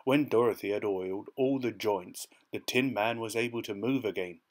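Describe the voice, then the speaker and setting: A man reading a children's story aloud with expressive storytelling. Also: lowish voice, normal speed. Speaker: storybook reader.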